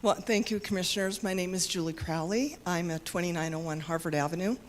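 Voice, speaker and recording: A woman's voice: lowish voice, fairly quick, slight background noise. A woman giving brief, earnest public comment at a council meeting.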